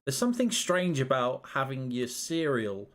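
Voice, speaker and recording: Chatty British host, easygoing. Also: male voice, medium pitch, big pitch swings, moderate pace, fairly bright tone. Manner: easygoing, chatty, lots of ums. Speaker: podcast host. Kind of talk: casual gaming podcast chat.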